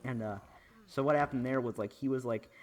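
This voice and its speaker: A man's voice: mid-range voice, a little fast. Rambling young man doing game commentary. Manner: rambling, filler-heavy storytelling. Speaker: gaming YouTuber. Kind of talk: casual let's play commentary.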